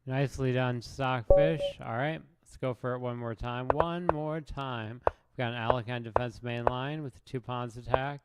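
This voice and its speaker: A man's voice: medium pitch, fairly even intonation, moderate pace. A man streaming his chess games, commenting on the moves in a wry, rambling, self-mocking way. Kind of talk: casual live game commentary. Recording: loud background noise.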